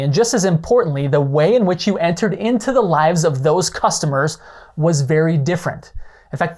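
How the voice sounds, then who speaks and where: A man's voice: on the high side, a little mellow. A man explaining real estate leads and referrals as a coach, acting out short phone calls as examples. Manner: explanatory, slightly dramatized role-play of callers. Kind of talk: instructional talk with acted phone-call examples.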